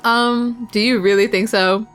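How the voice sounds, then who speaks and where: A woman's voice: a little high, steady tone, measured pace, a bit bright, smooth, soft background music. A young woman streamer chatting casually with her viewers, rambling and giggly, talking while she eats.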